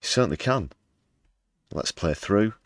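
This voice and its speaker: A man's voice: on the low side, animated, measured pace, loud music behind the voice. A man hosting a livestream, talking over news clips with heavy sarcasm and often addressing viewers as "people". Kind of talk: live commentary on news clips.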